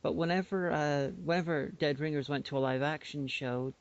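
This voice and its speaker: A podcast co-host chats casually, explaining things in a rambling way full of restarts. His voice is on the high side, smooth, fairly even, and moderately paced, and the podcast audio is dull and lo-fi.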